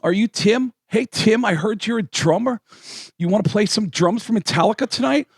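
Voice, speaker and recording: A man doing a bubbly, high-voiced rock drummer. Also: normal speed, slightly rough, dry recording, studio quality. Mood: eager. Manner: bright, eager, high-pitched put-on voice. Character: excited adult male rock drummer, upbeat and friendly.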